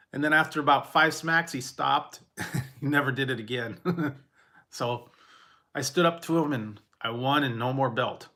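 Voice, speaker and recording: A man casually telling personal stories in a rambling, halting way, with frequent restarts and laughter. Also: mid-range voice, sharp tone. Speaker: vlogger.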